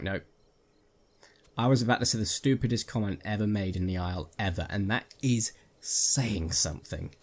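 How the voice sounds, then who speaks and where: A man's voice: fairly low pitch, moderate pace. A man giving jokey live gameplay commentary, talking to his viewers while he plays, on a headset mic. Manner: jokey, jumpy, talks to viewers while playing. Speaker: gaming video creator.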